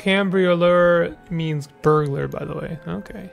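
A man's voice: a little high, fairly even intonation, measured pace, gravelly, soft background music. A man streaming a video game, chatting casually with his viewers and making playful, joking asides. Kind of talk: casual gaming commentary.

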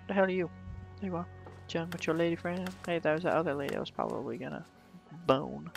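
Goofy rambling gamer guy, gravelly. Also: on the high side, normal speed, pushed and bright, soft background music. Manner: goofy, rambling, jokey asides. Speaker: let's play gamer. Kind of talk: casual gameplay commentary. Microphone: desktop microphone.

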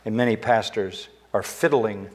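An older man preaching a sermon in a church sanctuary, with emphatic delivery that climbs higher when he quotes Scripture. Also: a little slow, slight background noise. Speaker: pastor.

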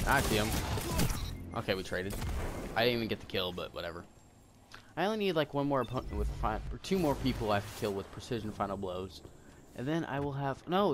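A man giving chatty, excitable commentary while he plays a game, often breaking into sudden exclamations. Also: mid-range voice, noisy background. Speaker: gamer. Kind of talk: casual gameplay commentary. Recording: game audio mixed with loud music. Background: game music.

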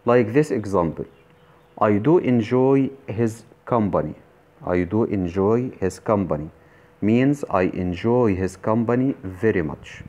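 A male English teacher giving a recorded grammar lesson, explaining deliberately with frequent fillers and self-corrections. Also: on the low side, darkish tone.

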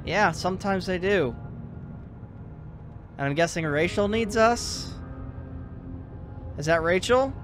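A man's voice: high voice, lively intonation, slow pace, long pauses, over music. A man hosting a let's play, reacting emotionally and sympathetically as he comments on the game.

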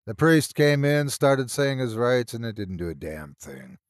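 A man's voice: mid-range voice, big pitch swings, unhurried, no room sound. A man doing a furious senior psychiatrist in an audio horror story, all venomous sarcasm and scorn. He snaps and sneers at every suggestion, in a dry, close-miked voice.

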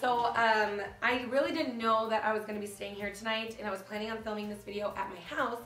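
A young woman chatting casually to the camera as a beauty vlogger, animated and full of fillers like "like", filmed in a hotel room. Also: on the high side, fairly quick. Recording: echoey room with faint music.

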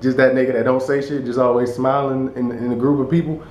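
A young man chatting casually to the camera in his bedroom, animated and slangy, laughing as he tells stories. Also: mid-range voice, fast talker. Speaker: vlogger. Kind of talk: casual vlog chat. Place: bedroom indoors. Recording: echoey room with faint noise.

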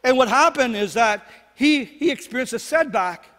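A man's voice: very high voice, lively intonation, moderate pace, fairly bright tone. A man preaching a sermon as pastor, earnest and repetitive, often checking in with "right?". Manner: earnest, repeats phrases, asks "right?" often. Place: church sanctuary. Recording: long hall reverb.

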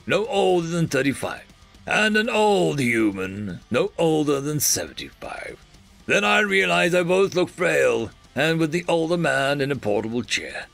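A man's voice: a little high, gravelly, fairly bright tone. A man reading science fiction stories aloud as the channel's narrator. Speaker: story narrator. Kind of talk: scripted storytelling.

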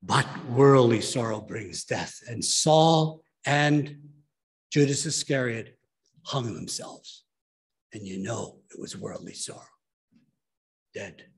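A male pastor delivering a sermon in church with a gravelly, husky voice. He preaches emphatically and keeps urging the congregation to listen. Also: mid-range voice, lively intonation, slow, pauses often.

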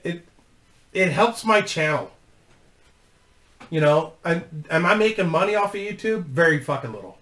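A man's voice: fairly high pitch, fairly bright tone, echoey room. A man hosting his own channel, telling a casual story to camera in a rambling, profane way and laughing through it. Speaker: YouTube host.

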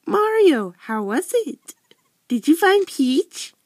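A man voicing an excitable female sidekick from a video game, eager and exclaiming. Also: very high voice, slow pace, no echo, pitched above the performer's own voice, heavily acted.

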